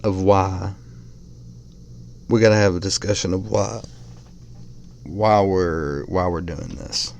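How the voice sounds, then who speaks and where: A man's voice: sits low, fairly even intonation, slow, gravelly, pauses often, a little mellow, a little hiss or hum. Blunt, profane man reacting on a podcast. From American South. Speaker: podcast host. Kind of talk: casual reaction commentary.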